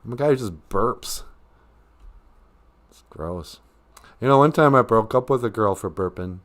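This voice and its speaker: An older man hosts a casual live stream and talks in a loose, rambling way, joking and laughing as he goes. His voice moves up and down with a very lively pitch. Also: measured pace. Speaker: host teaching Ojibwe.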